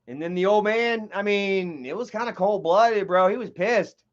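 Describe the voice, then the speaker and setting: A man's voice: sits high, moderate pace, highs cut off. A man streaming and retelling a story in a heated way, with lots of swearing and repetition. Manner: heated, swears a lot, repeats himself. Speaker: livestreamer. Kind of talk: rambling profane storytelling commentary.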